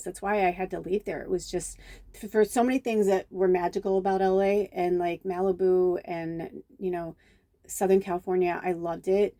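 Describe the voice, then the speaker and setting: A middle-aged woman from Chicago tells a long personal story in a casual vlog, wandering off on tangents. Her voice is warm and relaxed. The sound is dry and close, with almost no room echo. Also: mid-range voice, normal speed. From Chicago, USA. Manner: rambling and digressive, with casual swearing; acts out quoted dialogue with lively reactions. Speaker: spiritual medium.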